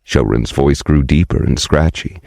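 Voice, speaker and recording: A man narrating an audiobook fantasy story in a steady, measured way on a close studio mic. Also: rumbling low, creaky, no room sound.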